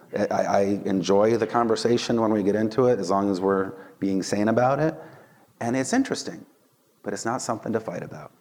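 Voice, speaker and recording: A man preaching a casual sermon, conversational and animated, often checking in with the listeners with "right?" and "okay?". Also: fairly low pitch. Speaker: preacher and Bible teacher.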